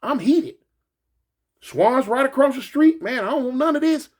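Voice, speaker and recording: A man telling a personal story in a casual, animated way, repeating himself and peppering it with "man" and "you know". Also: extremely high pitch, normal speed. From Los Angeles.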